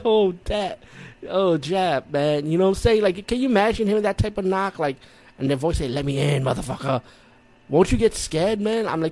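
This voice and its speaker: A man's voice: a little high, a little fast, dry recording. A man with a New York accent gives a loose, rambling recap of a horror film. He swears freely and jumps into acted-out reactions along the way, in a casual, unscripted delivery. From the Bronx, New York. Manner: rambling, profane, animated retelling with acted-out reactions. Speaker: movie reviewer.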